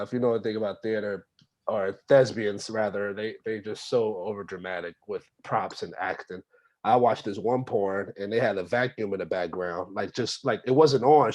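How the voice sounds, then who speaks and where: A man's voice: fairly low pitch, a little mellow. A young man doing a stand-up set at an open mic, talking loosely with plenty of fillers. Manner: loose, conversational delivery with many fillers. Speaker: stand-up comic.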